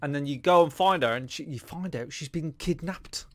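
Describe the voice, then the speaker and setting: A man's voice: a little high, moderate pace, a bit bright. A man co-hosting a casual gaming podcast, retelling a game's plot at length and slipping into silly character voices. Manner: rambling storyteller who acts out characters in silly voices. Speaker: podcast co-host. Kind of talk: casual chat, retelling a game story.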